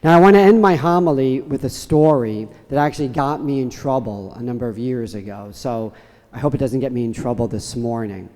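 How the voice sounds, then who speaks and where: A priest delivers his homily to the congregation, telling a playful story with an easy storyteller's touch. His voice is mellow and even in pitch. Long church reverb trails behind each phrase. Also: brisk. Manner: storytelling with humor. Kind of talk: sermon.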